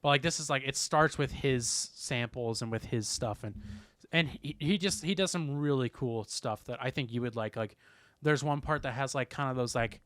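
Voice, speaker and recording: A man's voice: medium pitch, moderate pace, a bit bright, dry recording. A young man co-hosting a podcast, talking casually and rambling with a lot of filler words. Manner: rambling, heavy use of "like". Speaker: podcast co-host. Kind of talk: casual chat.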